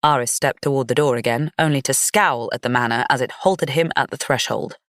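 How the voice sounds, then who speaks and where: A woman narrating a gothic fantasy romance audiobook in an even, measured storytelling manner. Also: extremely low pitch, dry recording, studio quality.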